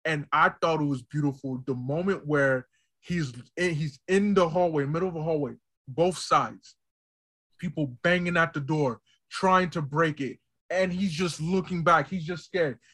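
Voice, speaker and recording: High, bright-voiced excitable man. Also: unhurried. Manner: animated, excitable storytelling. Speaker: podcast co-host. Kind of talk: casual film discussion.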